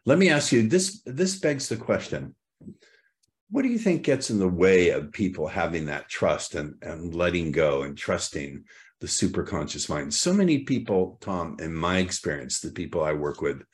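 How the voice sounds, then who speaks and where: A man's voice: low-pitched, very animated, moderate pace. A man hosting an interview, asking long questions with enthusiasm. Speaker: host.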